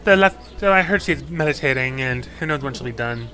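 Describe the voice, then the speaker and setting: A man voicing a very tall woman shipwright who talks in a rough, brisk dockside way. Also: mid-range voice, expressive, pushed and bright. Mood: matter-of-fact. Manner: rough dockside speech, "oi", "laddie boy".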